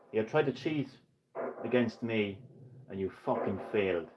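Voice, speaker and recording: A man's voice: on the low side, slight background noise. Brash trash-talking male gaming streamer. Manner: brash, profane trash-talk aimed at the game; excitable, jokey, sometimes rushes his words. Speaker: gaming livestream host. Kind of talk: live gameplay commentary.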